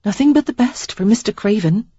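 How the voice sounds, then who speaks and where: Narrator doing a wry young gentlewoman. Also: medium pitch, animated, brisk, slightly rough, dry recording, voice pushed up. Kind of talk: audiobook character reading. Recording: dull lo-fi dry recording.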